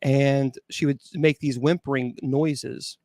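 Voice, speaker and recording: A man, a bishop and exorcist, telling a spooky true story at an open mic, halting with restarts and incredulous asides. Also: mid-range voice, steady tone, a little mellow, no room sound, clean studio sound. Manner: halting, with many restarts and fillers.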